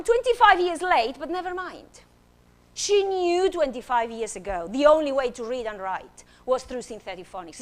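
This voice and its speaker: A woman giving a talk on phonics, playful and theatrical, leading the audience to repeat sounds. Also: high-pitched. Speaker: phonics teacher and speaker. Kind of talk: animated talk with classroom demonstration. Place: stage before an audience.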